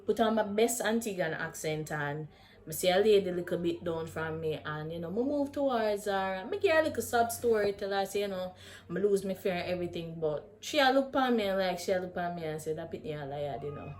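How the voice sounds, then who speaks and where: Animated Jamaican woman telling a story. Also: medium pitch, a little fast. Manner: animated, slips in and out of patois. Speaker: vlogger. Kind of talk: casual storytime.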